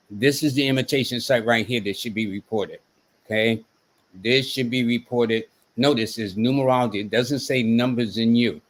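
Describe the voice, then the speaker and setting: Man hosting a live astrology stream. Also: medium pitch. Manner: conversational, quotes text messages aloud, many fillers. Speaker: host and astrologer. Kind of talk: casual live-stream talk.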